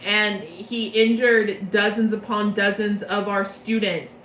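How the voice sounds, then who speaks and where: A young woman recapping a plot from memory in a casual, rambling, excitable way, often correcting herself. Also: mid-range voice, slow, echoey room, slight background noise, rough recording. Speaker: video creator.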